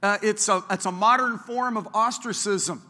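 A man's voice: high-pitched, normal speed. A male pastor preaching a sermon, telling stories and acting out the people he quotes. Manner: storytelling, acts out quoted people, grows louder and more fervent. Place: church sanctuary. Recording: long hall reverb.

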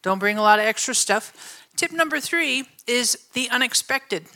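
A middle-aged woman pastor giving a sermon, telling stories in an animated way and laughing often. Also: on the high side, moderate pace. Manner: animated storytelling with frequent laughter.

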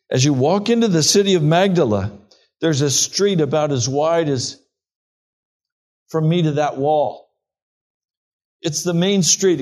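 A pastor preaching a sermon, reading scripture and retelling it in a slow, earnest storytelling way. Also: male voice, on the high side.

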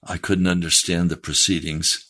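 A man's voice: sits low, flat delivery, moderate pace, pushed and bright. A male preacher retelling a first-person story in his sermon, emphatic and challenging his listeners directly.

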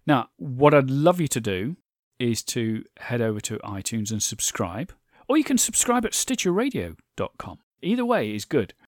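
A man's voice: mid-range voice, very animated, moderate pace, dry recording, studio quality. A man hosting his own podcast solo, speaking earnestly and thankfully, with chatty asides and small stumbles over names. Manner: earnest, thankful, reads listener reviews aloud. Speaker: podcast host.

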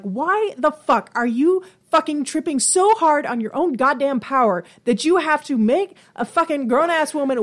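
A young woman talking casually with a co-host, her voice sitting a little high. She rants in a heated, profane way, piling on swear words as she vents. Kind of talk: casual chat.

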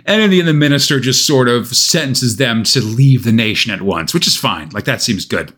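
A man co-hosting a relaxed podcast chat, walking through a comic's plot. He talks at a middling pitch and breaks the summary with dry, joking asides. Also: fairly quick. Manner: wry asides while recapping. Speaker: podcast co-host.

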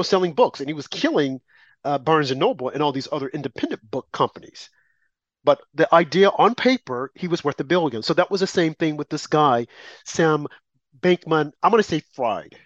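Animated rambling talk radio man. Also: medium pitch, dry recording, highs cut off. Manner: rambling, restarts, animated rants. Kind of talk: opinionated political talk.

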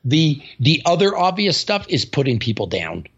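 A man's voice: fairly high pitch, very animated, moderate pace, a bit bright, breathy edge, dull audio. A man co-hosting a podcast in casual chat, telling stories bluntly and animatedly, with some swearing. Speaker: podcast co-host.

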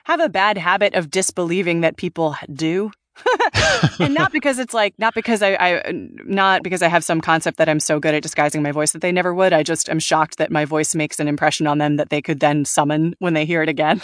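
A woman voice actor talking casually in an interview, animated, laughing often and restarting her sentences. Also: sits low, brisk, dry recording, clean studio sound. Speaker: voice actor guest.

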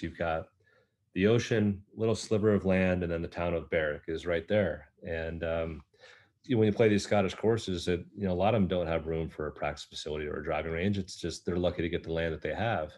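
A man, a golf professional, telling a relaxed story in an interview. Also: low-pitched, fast talker. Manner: relaxed, anecdotal, many fillers.

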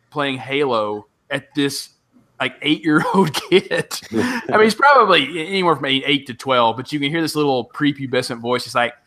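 A man in his thirties co-hosting a podcast, chatting casually. He tells stories with lots of animation and acts out voices. His tone is bright and forward. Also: mid-range voice. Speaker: podcast co-host. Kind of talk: casual chat.

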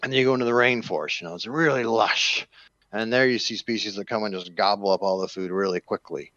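A man being interviewed as a game developer, explaining in a relaxed way with plenty of "you know" fillers. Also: on the low side, fast talker, no room sound, lo-fi sound. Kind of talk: casual interview talk.

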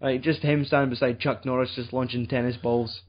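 A young Scottish man hosting a casual film review chat, rambling and swearing in a deadpan way. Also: medium pitch, brisk, highs cut off. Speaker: podcast host.

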